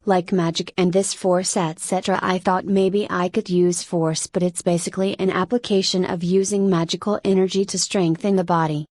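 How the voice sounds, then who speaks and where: A woman narrating a light novel audiobook in the first person with an even, steady delivery. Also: fairly low pitch, normal speed, hardly any pauses, dry recording, studio quality.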